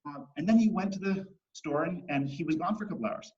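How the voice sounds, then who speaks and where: A man's voice: on the high side, fast talker, a little mellow, reverberant. A man teaching an online kids' martial arts class and telling them a story, upbeat and encouraging. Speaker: martial arts kids instructor. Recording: distant lo-fi livestream audio.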